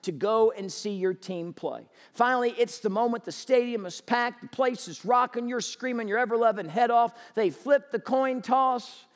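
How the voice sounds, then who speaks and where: A man preaching a sermon as pastor, animated and acting out excited sports fans. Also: extremely high pitch, moderate pace, hardly any pauses. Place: church sanctuary. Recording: long church reverb.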